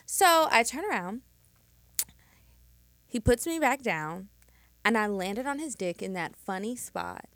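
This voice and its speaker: A woman's voice: a little high, animated, unhurried, long pauses, fairly bright tone, no room sound. A woman co-hosting a casual podcast, talking candidly and dropping her voice for emphasis. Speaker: podcast co-host. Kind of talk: casual storytelling chat.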